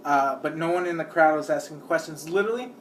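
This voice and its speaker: A man with a somewhat high voice rambles through casual commentary, leaning on fillers. He breaks into quick impressions of the people he talks about. A faint hum of noise sits behind him. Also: a bit bright. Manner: acts out the people he describes. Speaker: video creator.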